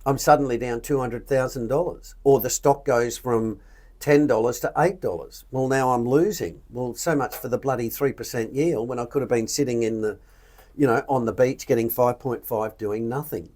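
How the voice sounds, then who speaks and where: A middle-aged Australian man chatting on a podcast in a blunt, animated way, with a voice of ordinary middle pitch. He swears offhandedly and leans hard into his points. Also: moderate pace. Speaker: podcast host. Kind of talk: casual podcast chat.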